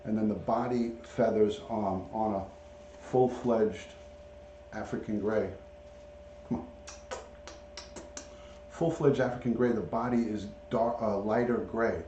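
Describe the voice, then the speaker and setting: Speaking slowly in a warm, steady, lowish voice with frequent pauses, a middle-aged retired police detective chats on a casual home livestream, greeting viewers by name and showing his pet parrot. The echoey room recording has its highs cut off and slight background noise.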